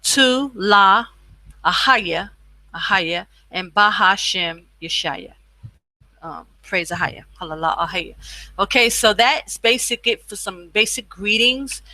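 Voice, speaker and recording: Slow, very bright-voiced woman teaching. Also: mid-range voice, expressive, no echo, low-quality recording. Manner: slow, repeats each phrase twice for learners; chatty asides, informal speech. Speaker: language teacher. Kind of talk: casual beginner language lesson.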